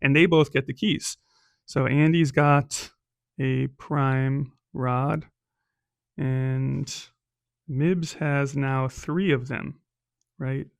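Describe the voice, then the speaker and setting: A man's voice: medium pitch, no echo. Man narrating a solo tabletop game. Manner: casual narration with frequent "right?" and "um".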